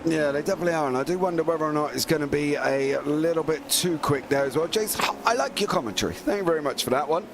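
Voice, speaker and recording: A man's voice: fairly high pitch, quick pace, few pauses, noisy background. A man commentating a sim racing league broadcast, chatty and upbeat, greeting viewers from the chat. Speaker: lead commentator.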